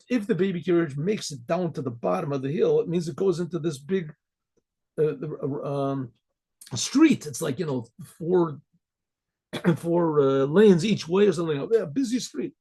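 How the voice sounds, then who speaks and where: A man, a rabbi, telling a folk story in a rambling way, often clearing his throat and restarting. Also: on the high side, a little slow, mellow. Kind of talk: oral storytelling.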